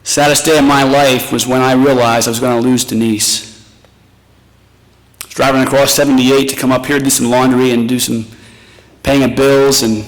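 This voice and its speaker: A middle-aged man, a pastor, giving a retirement party speech with self-mocking stories and tender thanks. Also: medium pitch. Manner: storytelling, self-mocking humor turning tender. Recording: reverberant hall.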